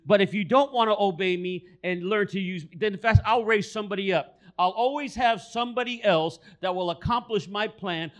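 A man preaching a sermon, telling a story and repeating key phrases for emphasis. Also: high voice. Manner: storytelling, acts out quoted voices.

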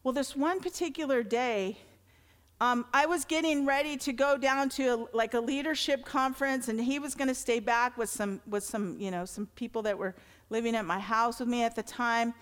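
A middle-aged woman preaches with a high voice, talking to her congregation in a loose, earnest way that rises into emphatic declarations. The sound carries a long hall reverb. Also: steady tone, moderate pace. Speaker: pastor. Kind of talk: sermon.

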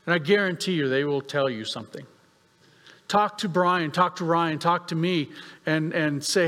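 A man preaching a sermon as pastor, earnest and emphatic, with pauses and repeated phrases. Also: on the high side, bright, forceful tone. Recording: long reverb of a hall.

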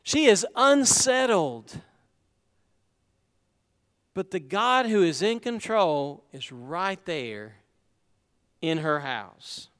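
A man's voice: sits high, sing-song, extremely slow, pauses often, fairly bright tone, smooth, big-room sound. A middle-aged man preaching a sermon, talking conversationally and asking the congregation rhetorical questions. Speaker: pastor.

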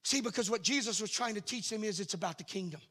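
A man with a Cajun accent preaching a sermon, moving from quiet asides up to shouted, sing-song lines. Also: high-pitched, quick pace, husky.

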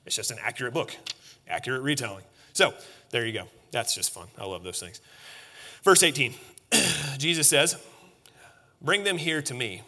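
A man in his thirties preaching a relaxed, conversational sermon to his congregation, self-deprecating and full of fillers and restarts. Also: mid-range voice, moderate pace, long pauses. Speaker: pastor. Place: church sanctuary, seated before the congregation.

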